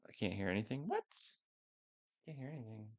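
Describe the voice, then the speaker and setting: Low gravelly man chatting on a stream. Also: very animated, brisk, highs cut off. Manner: rambling, unsure, talks to viewers. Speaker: livestream host. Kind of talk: casual livestream chat. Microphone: headset microphone.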